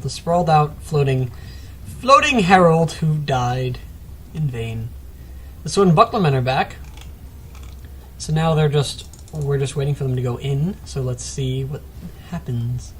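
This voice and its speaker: A man's voice: a little high, a little hiss or hum. Rambling man commentating a game replay. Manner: rambling, self-mocking, chatty asides. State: a bit sick. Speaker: gameplay commentator.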